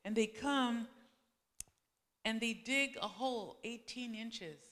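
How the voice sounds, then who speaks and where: Woman pastor preaching, bright clear voice, chatty storytelling, long echo of a big church hall. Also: fairly high pitch, takes it slowly. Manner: conversational storytelling, many restarts. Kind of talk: sermon.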